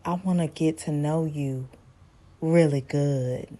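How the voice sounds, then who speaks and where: Creepy old man, low hushed croon, put on by a woman. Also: steady tone, slow pace.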